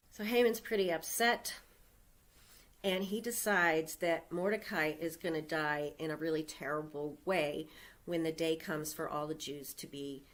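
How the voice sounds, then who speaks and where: A woman's voice: lowish voice, fairly bright tone. A woman giving a Sunday message, retelling a scripture story in a casual, conversational way with asides to the congregation. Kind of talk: storytelling sermon.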